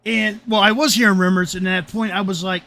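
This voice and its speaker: A man hosting a casual roleplay podcast chat, telling stories with animated energy and bursts of shouting. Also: high-pitched, quick pace, slight background noise. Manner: animated storyteller, shouts when excited. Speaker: podcast host.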